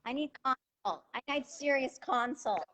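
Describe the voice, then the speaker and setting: A woman's voice: sits high, lively intonation, moderate pace, fairly bright tone. A woman author joining a live video interview as a guest, talking casually with self-deprecating humor. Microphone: video call.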